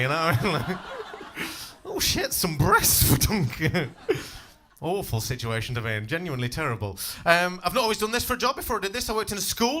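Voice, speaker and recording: A man's voice: on the high side, background noise. A man in his twenties doing a stand-up comedy set on a club stage, cheeky and self-deprecating, swearing freely and bantering with the crowd. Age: 20s.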